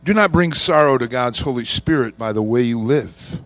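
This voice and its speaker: A man preaching a sermon, reading scripture and slowing down to stress key words. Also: mid-range voice, expressive, no room sound. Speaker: pastor.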